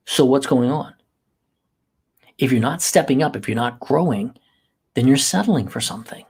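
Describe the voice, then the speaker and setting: A man's voice: mid-range voice, slightly rough. A man hosting a podcast, delivering an emphatic motivational monologue that repeats key phrases to exhort the listener. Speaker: podcast host.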